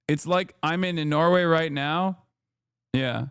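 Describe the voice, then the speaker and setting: Incredulous high-voiced male streamer. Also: a bit bright, clean tone, no room sound, clean studio sound. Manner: incredulous, profane, fast riffing. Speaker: streamer host. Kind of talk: live-stream reaction commentary.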